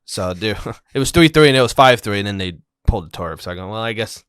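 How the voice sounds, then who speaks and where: Low-voiced guy talking fast on a podcast, acts out little conversations, dry close sound. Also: clear, resonant tone, dry recording. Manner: animated storytelling, acts out quoted exchanges. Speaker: podcast co-host. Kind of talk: casual chat.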